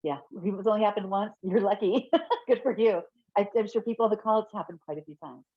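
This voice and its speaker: A middle-aged woman giving an online fair housing training from her home office, chatty and quick to laugh, often correcting herself mid-sentence. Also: mid-range voice, slightly rough, dry recording. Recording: dull, lo-fi webinar audio.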